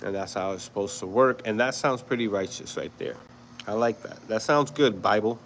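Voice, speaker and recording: A man's voice: on the low side, moderate pace, fairly bright tone, a little hiss or hum, rough recording. A man from New York hosting a livestream, chatting casually with viewers, swearing, laughing and rambling. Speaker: livestream host. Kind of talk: casual commentary with chat.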